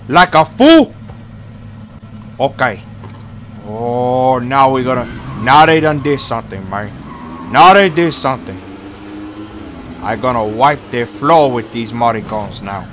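A man's voice: mid-range voice, expressive, unhurried, pauses often, slight background noise. A man doing Tony Montana, hot-tempered gangster. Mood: menacing. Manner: broken English, profane threats, shouting bursts. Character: hot-tempered male gangster boss, threatening. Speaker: gameplay commentator. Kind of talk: in-character game commentary.

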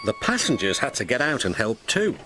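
A man narrating a children's storybook with gentle, expressive telling. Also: mid-range voice, a little fast, noisy background. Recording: music playing behind.

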